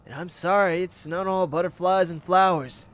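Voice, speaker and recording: A man's voice: high voice, steady tone, normal speed, fairly bright tone. A man voicing a cruel, controlling talent manager, bullying and scolding while reading game dialogue aloud. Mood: contemptuous.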